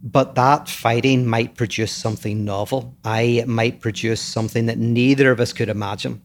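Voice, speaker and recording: A man's voice: medium pitch, fairly even intonation, moderate pace. Thoughtful Northern Irish man musing. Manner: thoughtful, lecturing, restarts mid-thought. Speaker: podcast co-host. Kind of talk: casual philosophical chat.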